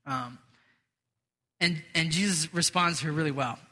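High, very bright-voiced preaching man. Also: normal speed. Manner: casual, chatty, self-deprecating asides. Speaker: pastor. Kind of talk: conversational sermon. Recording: long reverb of a large hall.

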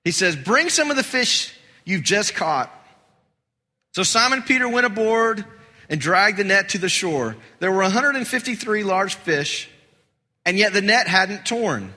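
A man preaching to his congregation, his voice swinging widely and climbing high and loud whenever he drives a point home. His tone is very bright and a bit husky. A long hall reverb trails after his words in the church. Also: measured pace. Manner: animated preaching, rising high and loud for emphasis. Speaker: pastor. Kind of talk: sermon.

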